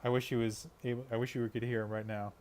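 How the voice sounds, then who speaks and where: A man's voice: medium pitch, little pitch movement, fast, a little mellow. A man chatting casually on a live stream while he paints miniatures, rambling and laughing often.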